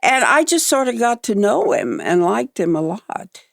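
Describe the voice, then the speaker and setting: A woman's voice: mid-range voice, very animated, creaky, no room sound, clean studio sound. Older woman with a faint Southern lilt. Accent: slight Midwestern Southern. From American Midwest. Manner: unhurried, laughs easily, halting restarts. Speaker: guest. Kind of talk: casual chat.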